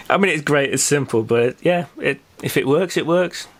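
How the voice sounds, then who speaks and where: A man's voice: on the high side, unhurried, a bit bright, a little hiss or hum. A man hosting a local podcast in casual chat, rambling with many fillers and restarts. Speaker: podcast host.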